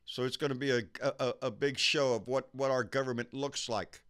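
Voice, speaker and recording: A man's voice: medium pitch, steady tone, brisk, a bit bright, clear, resonant tone. A man with a Texan accent hosting a political commentary show, ranting casually and profanely, often tagging lines with "baby". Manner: profane, fired-up, repeats "baby".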